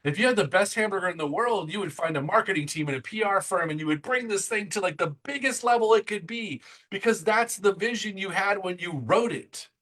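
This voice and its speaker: A middle-aged man hosting an interview, talking in excited bursts in a motivational chat. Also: sits high, rough recording. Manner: excitable, talks fast in bursts. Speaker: interview host.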